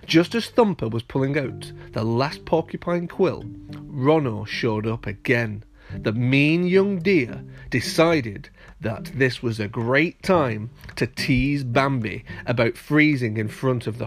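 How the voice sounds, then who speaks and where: A man reading a storybook tale aloud in an engaging, expressive way. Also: medium pitch, measured pace, faint music behind. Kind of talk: storybook narration.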